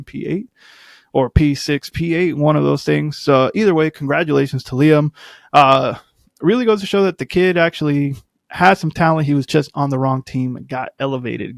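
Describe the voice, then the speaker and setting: A man's voice: mid-range voice, vocal fry, no echo, clean studio sound. A man hosting a podcast, giving a casual solo commentary, chatty and rambling with lots of fillers and asides. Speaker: podcast host.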